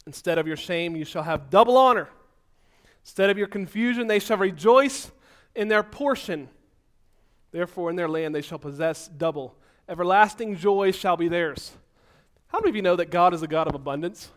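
High-voiced, animated male preacher. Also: normal speed. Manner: energetic and animated, jumping while preaching. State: out of breath. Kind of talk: sermon.

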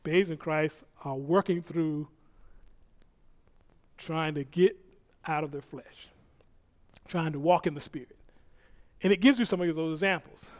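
A man preaching a sermon as pastor, reading scripture aloud and swinging from soft asides to loud bursts. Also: on the high side. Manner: reads scripture aloud with halting restarts and laughs.

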